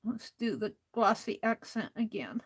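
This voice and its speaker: A tired woman hosting a late-night crafting livestream, talking softly to herself as she works. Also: fairly high pitch, sing-song, a little slow, slightly rough. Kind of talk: casual talk while crafting live.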